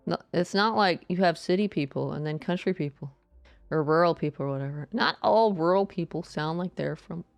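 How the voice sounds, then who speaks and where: A woman's voice: lowish voice, brisk, gravelly. A woman with a Southeastern US accent chatting casually while streaming a video game, rambling and trailing off into stammered fillers.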